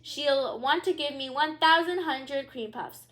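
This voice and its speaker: A woman's voice: high voice, unhurried, fairly bright tone. A woman voicing a greedy, boastful male crocodile in a read-aloud storybook, sounding pleased with himself. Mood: gleeful.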